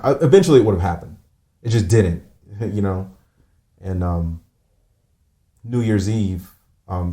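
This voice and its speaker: A man on a remote call telling a painful personal story, halting, with many fillers and restarts. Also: low voice, warm tone. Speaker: podcast guest.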